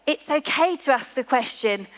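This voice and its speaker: A woman preaching a sermon to her church, earnest, slowing to a hushed voice on key lines. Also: sits high, lively intonation. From England. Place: large church hall. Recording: long hall reverb.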